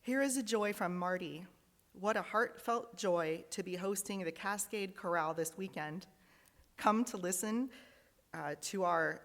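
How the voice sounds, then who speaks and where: A woman with a lowish voice reads out joys and sorrows to a congregation, earnest and heartfelt. Her words carry a long reverb from a large hall. She reads at a steady, measured pace. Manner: earnest, reading aloud, emotional at times. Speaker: lay worship leader. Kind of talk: reading joys and sorrows in a service.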